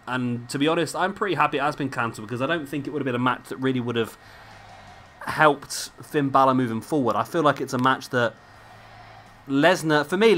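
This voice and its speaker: A man with a mid-range, slightly bright voice rambles his way through game commentary, and there's a little hiss or hum on the recording. He's a chatty gameplay commentator doing a casual let's-play, tossing in self-deprecating asides while drinking beer at home.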